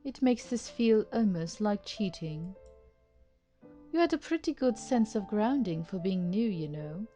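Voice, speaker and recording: A woman voicing a sly, cruel male monster illusionist who talks down to others in a slow, mocking drawl while reading game dialogue aloud. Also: mid-range voice, lively intonation, dark tone, soft background music, lightly acted. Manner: drawling, condescending teasing.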